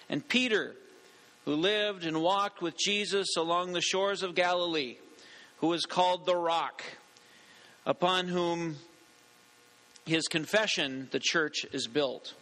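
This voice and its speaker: A man preaches from the pulpit in a measured, earnest sermon, reading scripture aloud. His voice is high and bright. Long reverb from the church hall trails after each line. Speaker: pastor.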